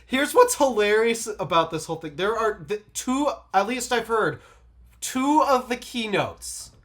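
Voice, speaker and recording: A man's voice: high voice, very animated, unhurried, a bit bright. A man co-hosting a casual tech podcast, telling stories with lots of laughter and emphasis. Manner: laughs often, storytelling emphasis. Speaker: podcast co-host.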